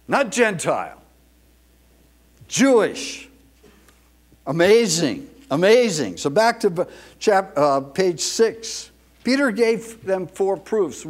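A man preaching a sermon into a microphone to his congregation, emphatic and repeating words for stress, with folksy asides. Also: high-pitched. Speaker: pastor.

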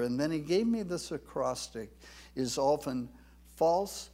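A pastor with a fairly high pitch and lively intonation delivers his sermon emphatically. He rises in volume while reading scripture and occasionally stops and restarts.

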